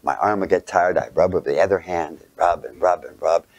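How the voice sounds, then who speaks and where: A man giving a sermon through a childhood story, animated, sometimes dropping to a near whisper and putting rhetorical questions to his listeners. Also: deep voice, a little fast. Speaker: speaker.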